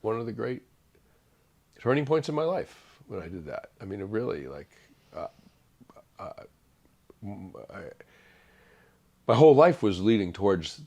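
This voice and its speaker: A middle-aged man speaking as an interview guest, thoughtful and halting, with many fillers and restarts. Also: fairly low pitch, big pitch swings, creaky, dark tone. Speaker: author guest. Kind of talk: reflective interview conversation.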